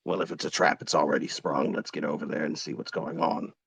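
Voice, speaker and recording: A man's voice: rumbling low, level tone, brisk, creaky, a bit bright, voice pushed down, heavily acted. A man voicing a blunt, wary male adventurer companion in a tabletop game.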